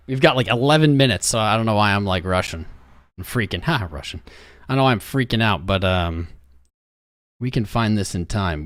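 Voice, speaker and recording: A young man with a mid-range voice hosts a crypto livestream, restlessly talking to his chat while searching for something. The audio is studio quality with no room sound.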